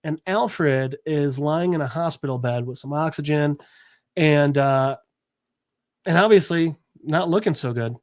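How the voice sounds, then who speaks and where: A man's voice: fairly high pitch, a little slow, darkish tone, no echo, studio quality. A man hosting a podcast, recapping a comic book in a rambling, casual way. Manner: rambling, filler-heavy storytelling. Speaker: podcast host.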